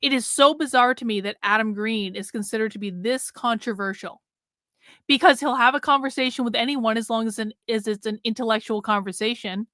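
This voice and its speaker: Bright, chatty woman livestream host. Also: on the high side, fairly quick, dry recording, clean studio sound. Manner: blunt, chatty, laughs often. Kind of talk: casual livestream commentary.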